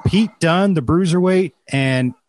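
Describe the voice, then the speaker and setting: A man's voice: on the high side, unhurried, darkish tone. A man co-hosting a casual podcast, mostly chiming in with short remarks. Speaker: podcast co-host. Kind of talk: casual wrestling recap chat.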